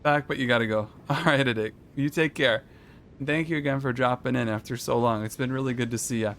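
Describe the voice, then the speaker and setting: A man's voice: medium pitch, brisk, a bit bright, slight background noise. A man casually commenting on a game he is streaming, thinking aloud and talking to his chat. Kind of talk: casual gaming livestream commentary.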